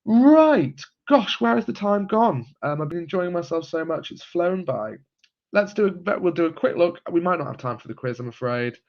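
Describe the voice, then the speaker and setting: A man's voice: high-pitched, animated, moderate pace. A man hosting a live stream, chatting casually through viewer comments with frequent ums and chuckles. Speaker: host of a live genealogy stream. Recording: slightly muffled lo-fi audio.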